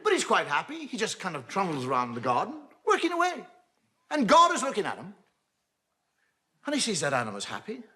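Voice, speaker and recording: Wry, swooping stand-up comedian. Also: male voice, sits high, wildly swooping pitch, fairly quick, pauses often, bright, forceful tone. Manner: wry, storytelling, swooping delivery. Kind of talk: stand-up monologue.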